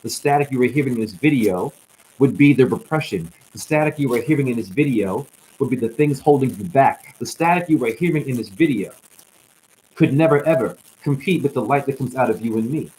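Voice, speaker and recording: A man's voice: mid-range voice, lively intonation, fairly quick, a little mellow, a little hiss or hum, low-quality recording. A man on a livestream delivering a rambling, rhyming spiritual monologue with bursts of whoops, sounding tired and drained. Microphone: static-laden livestream mic.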